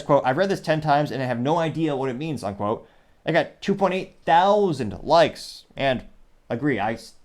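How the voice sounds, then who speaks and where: Male host, news and social media commentary, dry asides, mid-pitched voice. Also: a little mellow. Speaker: show host.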